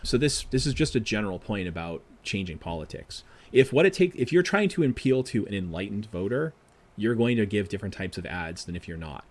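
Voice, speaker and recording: A man with a low voice who talks very fast, answering interview questions as a professor. He explains in animated bursts, piling on quick asides and examples. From Boston area. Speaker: guest, professor.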